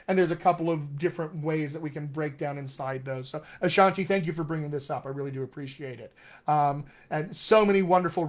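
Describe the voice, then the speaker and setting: A man hosts a relaxed live stream, answering viewers' comments in a cheerful, encouraging way. His voice sits slightly higher than most men's. He sounds like a friendly coach in casual conversation. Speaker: dialect coach hosting a live Q&A.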